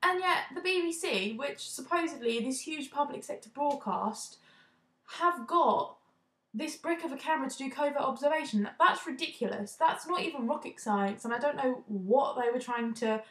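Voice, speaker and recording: A young woman from the UK giving a casual, indignant opinion vlog, talking quickly and often restarting her sentences. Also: sits high, expressive, a bit bright. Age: young adult. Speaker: vlogger. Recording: echoey room.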